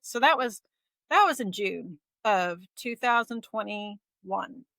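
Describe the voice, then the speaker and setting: A middle-aged woman, a guest in an interview, telling her own story in a casual, lively way and acting out the voices of the people in it. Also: mid-range voice, takes it slowly, gravelly, dry recording, low-quality recording. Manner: lively retelling that acts out quoted dialogue.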